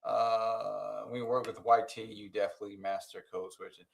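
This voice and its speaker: A man's voice: lowish voice, level tone, moderate pace, gravelly. A man co-hosting a podcast, telling a workplace story in a casual, laughing way and trailing off with "you know". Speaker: podcast co-host.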